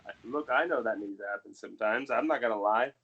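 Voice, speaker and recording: A man's voice: fairly low pitch, fast talker, creaky, highs cut off, slight background noise. A man voicing a suspicious male city guard who questions a suspect in a probing, coaxing way and calls him sir.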